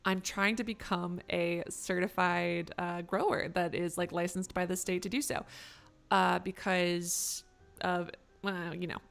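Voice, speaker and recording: A woman voicing a smooth-talking vampire character in a life-sim game, pitching a shady business deal. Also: flat delivery, measured pace. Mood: persuasive. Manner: persuasive salesy pitch with hesitant fillers.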